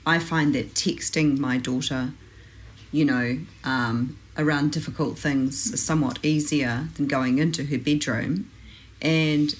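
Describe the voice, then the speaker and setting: A woman's voice: low-pitched, a little slow, poor audio. A woman in her forties hosting a casual conversation, chatty, with many hedging asides. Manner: chatty, animated when mimicking others.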